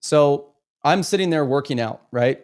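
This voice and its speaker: A man's voice: on the high side, a little slow, darkish tone. Emphatic man hosting a livestream. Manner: emphatic, stammering repetitions. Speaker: livestream host. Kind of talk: impassioned live commentary.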